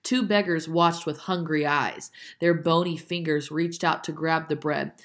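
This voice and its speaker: Expressive woman reading aloud. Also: sits low, a little slow. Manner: expressive, with slips and self-corrections. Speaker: reader reading a chapter book aloud. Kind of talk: read-aloud narration with asides.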